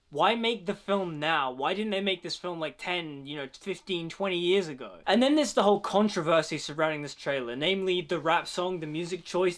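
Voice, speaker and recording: A man with a slightly higher-than-usual voice talks through a film trailer in a loose, chatty way. His sentences lean heavily on "like" as he works out his thoughts, and his tone stays informal and conversational throughout. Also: fairly bright tone. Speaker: film reaction vlogger. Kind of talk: casual trailer reaction commentary.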